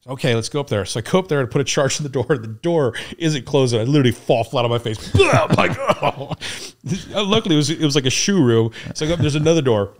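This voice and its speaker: A middle-aged Navy SEAL veteran from the United States races through combat stories with few pauses, his voice mid-range. As a guest he's animated and profane, laughing often during the casual storytelling.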